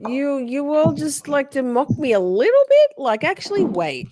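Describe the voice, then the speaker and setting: A woman with a high, sing-song, mellow voice hosts a livestream commenting on a trial, speaking at a moderate pace with few pauses. She chats casually with her live chat viewers, playfully mock-offended and laughing often.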